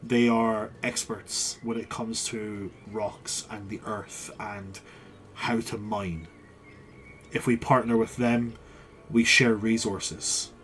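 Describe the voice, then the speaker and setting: A man's voice: on the low side, fairly even intonation, slow pace, a bit bright, soft background music, pitched below the performer's own voice. A man voicing an earnest young male ruler who halts and seeks approval. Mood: measured.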